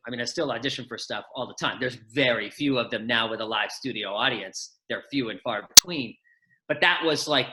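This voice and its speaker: A middle-aged man, an actor and former kids' show host, chatting on a video call and telling lively stories with acted-out voices. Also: medium pitch. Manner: animated storyteller, acts out voices and shouts. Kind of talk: casual chat, storytelling.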